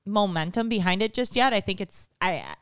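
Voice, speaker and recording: Thirties mom, co-host, smooth voice, chatty storyteller, dry close sound. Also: female voice, medium pitch, expressive, normal speed, a bit bright, no echo. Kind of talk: casual chat.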